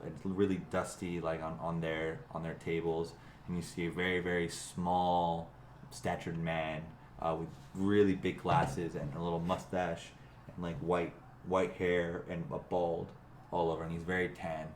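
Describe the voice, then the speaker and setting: A deep-voiced man narrates a tabletop game as game master, feeling his way through each scene with fillers and restarts. His voice sounds echoey on an online call mic, with a faint hum underneath. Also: flat delivery. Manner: halting, full of fillers and restarts.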